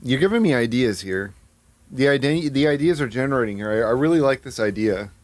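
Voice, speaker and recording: A man chatting casually on a live stream. He swears often, thinks aloud, mocks himself and jumps into high outbursts. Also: fairly quick, no echo. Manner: excitable, swears a lot, sudden high-pitched outbursts; self-mocking, thinking aloud.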